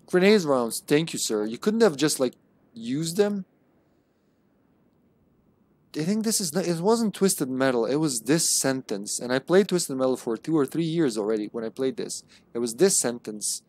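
A man's voice: mid-range voice, a little mellow. Joking, swearing male game streamer. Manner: jokey, profane, playful voices. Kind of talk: casual gameplay commentary.

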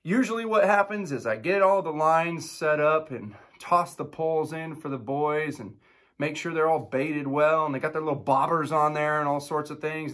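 A man in his thirties, a pastor giving a devotional sermon, telling a family story in a conversational, upbeat way before turning to scripture. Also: on the high side. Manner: storytelling with animated impressions of his kids.

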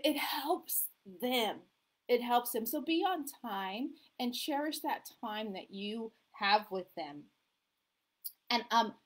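A middle-aged woman giving a casual, animated talk to viewers as a family mediator, acting out parents' voices now and then. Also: a little high. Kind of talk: live video talk to viewers.

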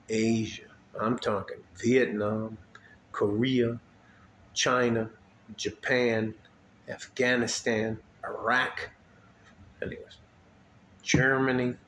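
Man, late fifties, mid-pitched, blunt and profane unscripted rant, echoey room, faint background hum. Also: fairly bright tone. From United States. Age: 50s. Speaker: vlogger.

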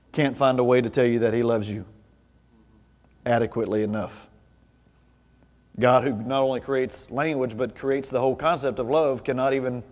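A man preaching a casual, conversational sermon full of rhetorical questions to his congregation. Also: medium pitch. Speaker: pastor. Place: church sanctuary. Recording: reverberant church hall.

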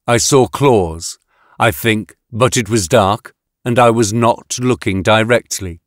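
A male audiobook narrator voicing an emotionless reanimated woman officer who speaks flatly and haltingly. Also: lowish voice, no room sound, studio quality. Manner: flat, toneless, halting.

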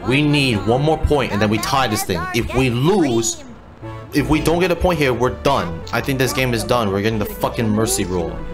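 A man's voice: medium pitch, normal speed. A man giving let's play commentary while gaming, frustrated, swearing and repeating himself, with game music behind. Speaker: gamer.

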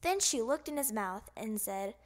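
A woman narrating a children's picture book in an expressive, sing-song way. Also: a little high, moderate pace. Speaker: storybook narrator. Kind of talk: children's audiobook reading.

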